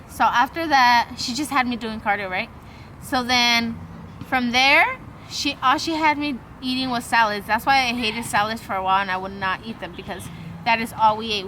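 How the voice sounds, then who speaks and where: This is a young woman vlogging, with a bright, slightly high voice. She tells a long personal story in a rambling, offhand way. She swears freely and acts out what others said. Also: a little hiss or hum, rough recording. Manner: acts out quoted dialogue. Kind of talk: casual storytelling.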